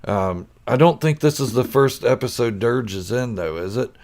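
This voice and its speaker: A man's voice: mid-range voice, animated, moderate pace, creaky, a little mellow. A man hosting a casual live chat, goofy and laughing often while he answers viewers' comments. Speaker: channel host chatting with live viewers.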